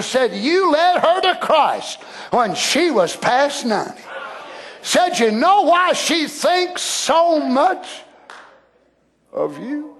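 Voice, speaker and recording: Man, preacher, very high voice, fervent sermon, shouts for emphasis. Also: sing-song, slow pace.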